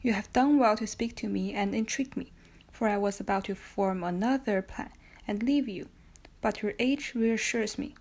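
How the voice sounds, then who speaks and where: A woman reading the part of an unseen older male prisoner, speaking in a measured, cautious way. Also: medium pitch, darkish tone, natural voice. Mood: guarded.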